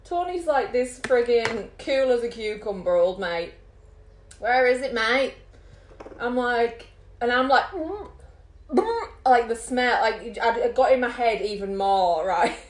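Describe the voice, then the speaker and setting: A woman's voice: a little high, a little slow. Chatty woman in an echoey room. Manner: animated, rambling, lots of fillers. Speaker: makeup vlogger. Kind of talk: chatty storytelling. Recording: roomy echo.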